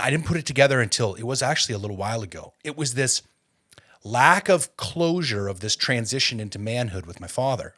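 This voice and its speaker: A Canadian man with a medium-pitched voice hosts a podcast, recounting a personal story casually and animatedly. He gets fired up as he talks and uses lots of filler words.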